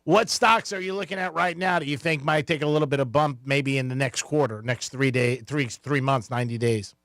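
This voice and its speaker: A man's voice: medium pitch, fairly quick, fairly bright tone, no room sound, studio quality. A man hosting a radio talk show, asking long rambling questions in a chatty way. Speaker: radio host. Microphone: studio mic.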